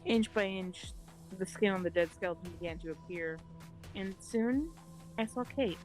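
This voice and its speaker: A woman hosting a let's play, reading a dark visual novel aloud in a melodramatic but deadpan voice. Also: mid-range voice, moderate pace, faint music behind, poor audio.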